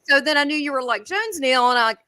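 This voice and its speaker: A woman's voice: high voice, animated, fairly quick, crowd noise. A woman with a Southern US accent, a medium appearing as a guest on a live stream, talking in an effusive, gushing way. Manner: gushing, effusive, laughs often. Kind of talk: excited live-stream chat.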